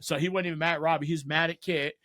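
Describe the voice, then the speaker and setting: Male podcast host, high bright voice, casual profane storyteller. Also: fairly even intonation, quick pace. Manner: profane storytelling, acting out friends' lines; laughs often while telling stories. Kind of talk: casual chat.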